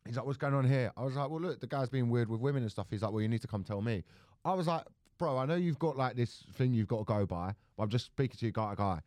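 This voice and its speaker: A young man in casual podcast chat, telling a story with lively acted-out voices and plenty of swearing. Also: mid-range voice, fast, no room sound.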